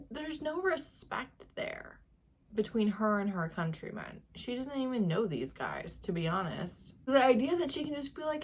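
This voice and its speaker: A young woman talking casually as a book reviewer, ranting with sarcasm and laughing often. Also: mid-range voice. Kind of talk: casual reading vlog.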